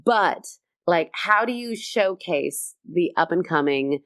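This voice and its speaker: Lively Canadian woman comedian chatting. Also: lowish voice, dry recording, clean studio sound. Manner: energetic, animated storytelling with quick restarts. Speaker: comedian guest. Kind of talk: casual interview chat.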